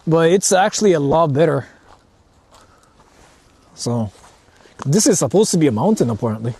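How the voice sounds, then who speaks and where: A man's voice: on the high side, big pitch swings, moderate pace, a little mellow, breathy edge. A man from Japan livestreaming outdoors in the mountains, rambling casually with slang and swearing. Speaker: streamer.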